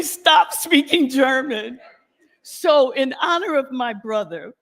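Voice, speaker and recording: A woman spinning a playful story before an audience, breaking into laughter as she goes. Her pitch swings widely from phrase to phrase, and she takes her time with the punchlines. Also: measured pace. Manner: animated, playful, laughing often. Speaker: guest speaker introducing the keynote. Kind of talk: storytelling anecdote at a convocation.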